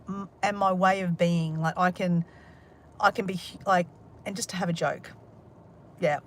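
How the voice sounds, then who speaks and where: A woman's voice: medium pitch, slight background noise. Chatty Australian woman on a livestream. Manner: chatty and rambling, with self-mocking sarcastic humour. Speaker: livestream host. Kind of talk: casual live chat reading comments.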